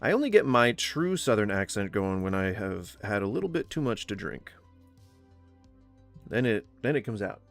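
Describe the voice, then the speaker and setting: A man from Florida hosting a casual livestream, rambling with fillers and restarts, blunt and quick to swear. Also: on the low side, very animated, gravelly. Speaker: livestream host. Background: faint music.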